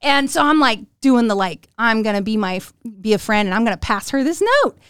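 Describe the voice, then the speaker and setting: A middle-aged woman hosting a podcast and telling a story, animated and giggly, acting out the lines she quotes. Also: on the high side, a little fast, clean tone, no room sound, studio quality. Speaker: podcast host. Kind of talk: casual storytelling chat.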